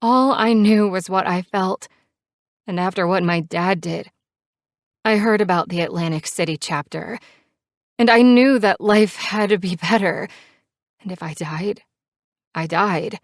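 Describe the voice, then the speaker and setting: Woman voicing a tearful young woman, audiobook character, halting pleas, gravelly low voice, dry close sound. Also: dry recording, natural voice. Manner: pleading, halting.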